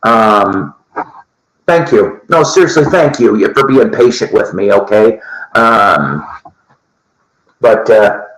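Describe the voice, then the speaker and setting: A man's voice: lowish voice, lively intonation, slow, pauses often, a bit bright. A man hosting a podcast in casual chat, rambling and swearing casually as he talks. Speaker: podcast host. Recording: echoey room.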